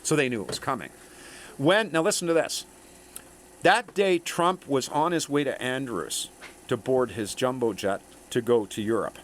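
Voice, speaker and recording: A man's voice: mid-range voice, moderate pace, a little hiss or hum. A man in a rambling monologue to viewers, emphatic and checking in with "okay?" and "eh?". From Canada.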